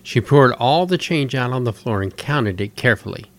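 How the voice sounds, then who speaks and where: A man hosting a show, reading a story aloud in a steady, measured way. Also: medium pitch. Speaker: host.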